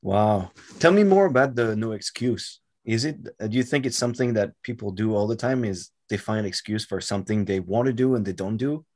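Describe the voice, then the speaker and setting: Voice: medium pitch, brisk, hardly any pauses, a little mellow. An interviewer from France, asking questions in a casual chat and agreeing often. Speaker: interviewer, host.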